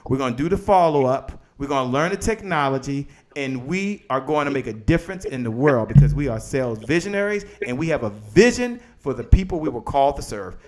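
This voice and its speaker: A man's voice: medium pitch, animated, brisk, few pauses. A man hosting a live motivational business show, talking with energy and chanting the same lines over and over like a preacher. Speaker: host.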